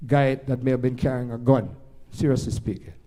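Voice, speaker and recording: A man's voice: medium pitch, brisk. Older Jamaican man telling stories. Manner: rambling, animated anecdotes with many restarts. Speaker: jazz pianist and storyteller. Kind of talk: stage storytelling to a live audience.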